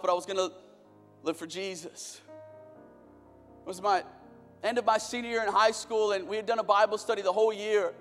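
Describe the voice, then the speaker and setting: A young man preaching a sermon as a pastor, impassioned, building in bursts and then dropping low. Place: church auditorium. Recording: long reverb of a large hall with music.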